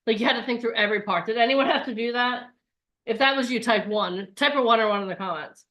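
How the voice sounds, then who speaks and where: A woman in her forties, a coach giving a lively live online workshop and acting out voices. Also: a little high, fast. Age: 40s.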